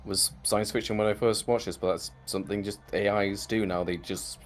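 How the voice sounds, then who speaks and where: A man's voice: lowish voice, fairly even intonation, a little fast, slight background noise. A man co-hosting a podcast, casually recapping a cartoon episode in a rambling way with lots of fillers and the odd swear word. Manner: rambling, frequent fillers and swearing, laughs while retelling scenes. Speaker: podcast co-host.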